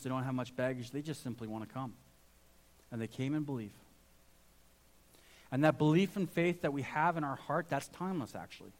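Earnest man preaching a sermon. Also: medium pitch. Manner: earnest, emphatic preaching with restarts. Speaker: pastor.

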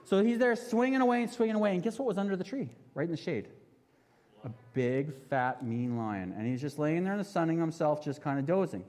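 A man's voice: a little high, brisk, darkish tone. A man in his thirties preaching, telling a story animatedly and putting questions to the audience. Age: 30s. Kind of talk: sermon with storytelling. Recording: long hall reverb.

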